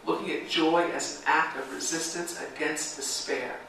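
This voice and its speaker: A woman's voice: low voice, fairly even intonation, normal speed, vocal fry, fairly bright tone, slight background noise. Woman, minister, reflective sermon, leads chanted meditation, very echoey hall, distant mic. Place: church sanctuary. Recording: very echoey sanctuary, mic far off.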